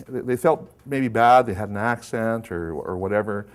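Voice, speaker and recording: A man's voice: on the low side, normal speed. A man presenting a live workshop to an audience, talking conversationally and putting questions to the room.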